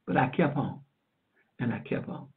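A woman evangelist teaching a sermon in an earnest, repetitive way, warmly calling her listener "dear heart". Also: very deep voice, normal speed. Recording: tinny phone line.

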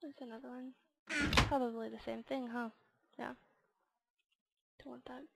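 A woman giving casual let's-play commentary, muttering quietly to herself and reading in-game signs aloud. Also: fairly high pitch, flat delivery, moderate pace, vocal fry, very noisy. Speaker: gamer playing a custom adventure map.

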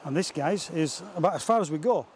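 A man's voice: fairly high pitch, animated, brisk, slight background noise. Breathless chatty man hiking outdoors. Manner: chatty, self-mocking, swears casually. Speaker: landscape photographer vlogger. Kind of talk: casual outdoor vlog. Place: outdoors on a windy hill. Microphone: wireless clip-on mic.

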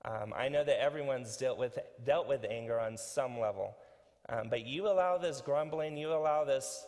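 A man's voice: medium pitch, normal speed. Pastor guy talking through a sermon, chatty, lots of ums, echoey church hall. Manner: conversational, animated, frequent fillers and restarts. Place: church sanctuary.

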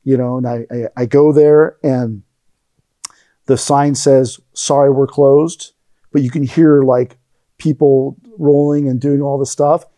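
A man's voice: medium pitch, fairly even intonation, measured pace, mellow, no echo, clean studio sound. A middle-aged man telling stories in a casual interview, acting out the lines he quotes. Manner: rambling anecdotes, acts out quoted lines. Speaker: interview guest, aikido teacher.

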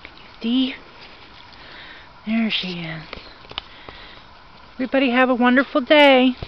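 A woman's voice: fairly high pitch, lively intonation, a little slow, lo-fi sound, a little hiss or hum. A woman giving a casual tour of her outdoor garden, chatting to viewers and gushing over her plants as she wanders. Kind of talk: casual meandering garden walk-through.

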